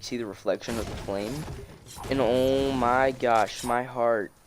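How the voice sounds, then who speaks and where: A young man tells a story casually into his phone, rambling and restarting his sentences as he goes. His voice sits at an ordinary pitch for a man. Clear clicking noises run under the recording. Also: background noise. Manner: rambling, many restarts and fillers. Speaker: storytelling vlogger. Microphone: phone screen recording.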